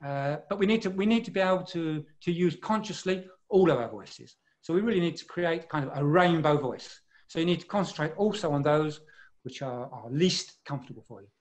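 A man with an English accent giving a seminar talk over a video call, explaining clearly and precisely and asking rhetorical questions. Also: on the high side, animated, fairly quick. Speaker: web seminar presenter.

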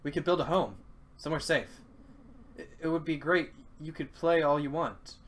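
A man reading out the lines of a gentle, protective masked man from a game, with halting, stammering delivery. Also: on the high side, lightly acted. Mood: earnest. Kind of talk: reading game dialogue aloud.

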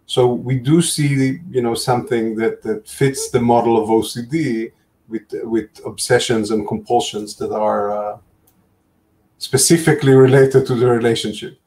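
Israeli man explaining in measured tones. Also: medium pitch, fairly even intonation, darkish tone. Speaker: clinician panelist. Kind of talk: live panel discussion.

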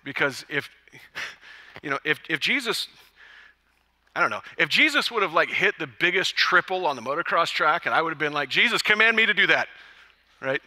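A man preaching to his church congregation, his voice very bright and ringing. He pitches a little higher than most men and keeps the message lively with jokes and acted-out lines. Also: moderate pace, long pauses, big-room sound. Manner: lively, joking storyteller who acts out quotes. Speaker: pastor. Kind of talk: sermon. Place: church service.

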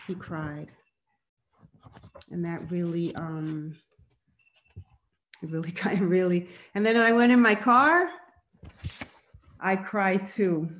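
Soft-spoken woman from New York. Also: on the low side, slight background noise. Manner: soft-spoken, reflective, many fillers between readings. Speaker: journalist and professor reading from her books. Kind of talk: reading aloud and telling stories to an audience.

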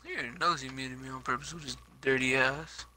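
A man's voice: medium pitch, fairly even intonation, fast, sharp tone, a little hiss or hum. A young man trash-talking a friend over game voice chat, crude and taunting, swearing constantly. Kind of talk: crude trash-talk roasting.

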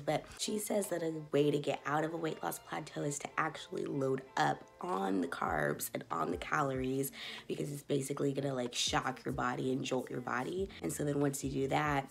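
A woman in her late twenties chatting casually at home as a vlogger, full of fillers and quick laughs. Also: a bass voice, lively intonation, creaky. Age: late 20s. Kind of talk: casual vlog chat.

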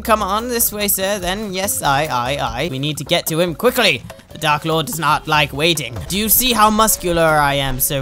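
A young man hosting a gaming video with let's-play commentary. He speaks in a mock-solemn villain role-play voice, with bursts of laughter and shouting. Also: high-pitched, normal speed, soft background music.

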